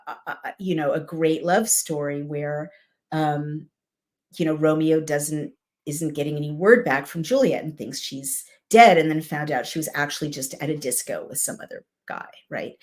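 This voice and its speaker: A woman's voice: low voice, a little mellow. A woman reading a Bible passage aloud and breaking off for reflective, conversational commentary, often checking in with "right?". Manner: reflective, conversational asides with "right?" and "you know". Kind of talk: scripture reading with personal commentary.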